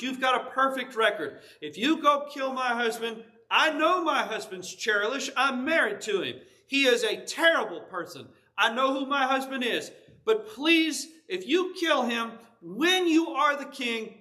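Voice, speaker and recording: A man's voice: very high-pitched, bright, forceful tone, voice pushed up. A man voicing a wise young wife who urgently pleads with a warrior to spare her husband.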